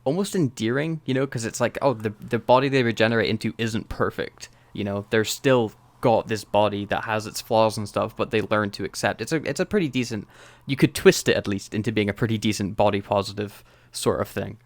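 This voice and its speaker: Scottish male co-host, low register, halting, laughs a lot, dry booth sound. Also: no room sound. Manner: rambling, hesitant, laughs often. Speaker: podcast co-host. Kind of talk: casual chat reviewing a TV episode.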